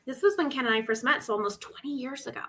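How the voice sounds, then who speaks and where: Bright, chatty woman on a video call. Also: high-pitched, animated, fast, a little hiss or hum. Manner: chatty and giggly, trailing off mid-sentence. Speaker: co-host of a craft shop live stream. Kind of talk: casual chat.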